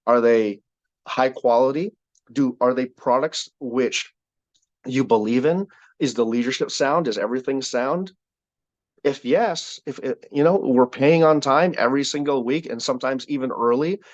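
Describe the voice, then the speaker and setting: A man leading a sales team call, giving an energetic motivational talk with a repetitive, preacher-like cadence. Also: mid-range voice, moderate pace, dry recording, highs cut off.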